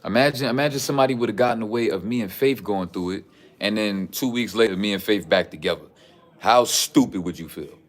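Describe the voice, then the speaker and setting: A man's voice: fairly low pitch, fast talker. A man, telling stories in a casual, streetwise, preachy vlog. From the Bronx, New York. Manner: streetwise, preachy storytelling with lots of "you know what I'm saying". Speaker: vlogger. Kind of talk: casual talking-head vlog.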